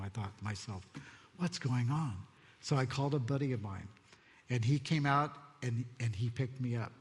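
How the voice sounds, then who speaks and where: A man giving a sermon testimony, telling his story and acting out the quoted lines, moving from hushed reflection to excited bursts. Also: medium pitch. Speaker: pastor. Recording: long hall reverb.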